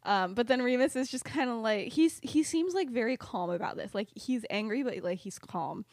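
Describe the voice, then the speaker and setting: A young woman with a fairly high voice hosts a podcast and tells a story in a loose, rambling way. She giggles often and keeps restarting her sentences. The sound is dry and close. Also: expressive, normal speed, darkish tone, no room sound. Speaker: podcast host. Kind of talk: casual storytelling, retelling a fan story.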